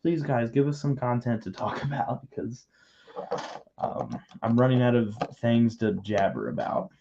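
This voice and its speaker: A man's voice: mid-range voice, expressive, normal speed, vocal fry, background noise. A man hosting a livestream, chatting casually and teasing his co-host while building, with rambling talk and frequent restarts. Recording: muffled lo-fi stream audio.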